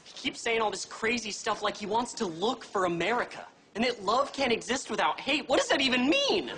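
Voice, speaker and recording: High, swooping voice; an exasperated teen girl in a sitcom, incredulous. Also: sing-song, fairly quick, a bit bright. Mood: worried. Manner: incredulous, emphatic. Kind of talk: sitcom acting.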